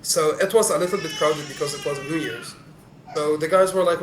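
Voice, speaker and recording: A young man from Syria, a podcast co-host telling a story casually, animated, laughing often, with many fillers. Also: a little high, fairly quick, a crowd in the background. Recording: echoey room.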